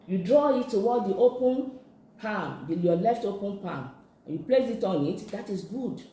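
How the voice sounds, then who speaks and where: A sign language instructor, teaching slowly and patiently in a live-streamed lesson, repeating each phrase many times. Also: medium pitch, lively intonation, warm tone. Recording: echoey room.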